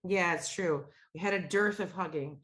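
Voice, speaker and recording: Female podcast co-host, slightly low voice, candid and foul-mouthed. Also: moderate pace, fairly bright tone. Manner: candid, swears freely. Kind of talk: casual podcast chat.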